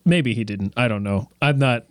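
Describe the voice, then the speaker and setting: A man's voice: medium pitch, normal speed, no room sound, studio quality. A man in casual chat, rambling and joking with many fillers and restarts.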